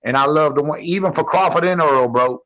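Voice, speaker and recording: A man chatting on a boxing panel, loud and full of slang. His voice sits a little high. The audio is muffled and lo-fi. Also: a little fast. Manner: loud, slangy trash talk. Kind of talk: casual chat. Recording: muffled lo-fi sound.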